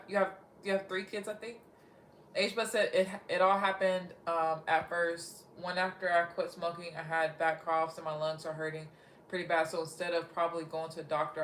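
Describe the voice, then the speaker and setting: Young woman, from Texas, giggly livestream chat, lowish voice, roomy echo. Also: fairly bright tone, slight background noise. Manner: chatty, giggly, reads comments aloud. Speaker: livestream host. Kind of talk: casual livestream chat reading comments.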